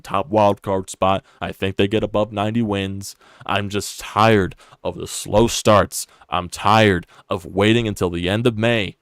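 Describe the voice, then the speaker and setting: A man's voice: lowish voice, no echo, clean studio sound. A young man ranting on a live sports stream, frustrated and profane, repeating himself as he talks.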